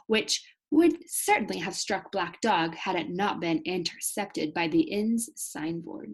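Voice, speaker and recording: Husky-voiced woman teacher reading aloud. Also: fairly low pitch. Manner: explains hard words as she reads. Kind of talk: reading aloud with explanations for students.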